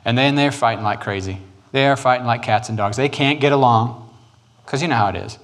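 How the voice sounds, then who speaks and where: A man, preaching a sermon on church history in an animated, joking way. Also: mid-range voice. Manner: animated, joking, quick asides and put-on quotes. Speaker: pastor.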